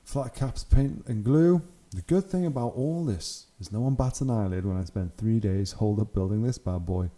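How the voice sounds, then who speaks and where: Chatty man with a very dark voice. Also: lowish voice, brisk, few pauses. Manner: chatty, enthusiastic, laughs often. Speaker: channel host. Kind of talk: casual commentary on hobby photos.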